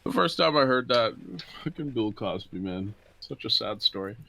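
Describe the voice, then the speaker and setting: A man co-hosting a casual podcast over a video call, talking in a laid-back, measured way. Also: mid-range voice, animated, gravelly, pushed and bright, no room sound. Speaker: podcast co-host.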